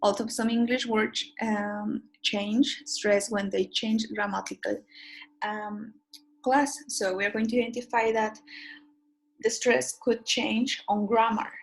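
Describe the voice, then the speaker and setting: A woman's voice: a little high, little pitch movement, slow, creaky, poor audio. A woman explaining a linguistics lesson, hesitant, with many fillers and restarts.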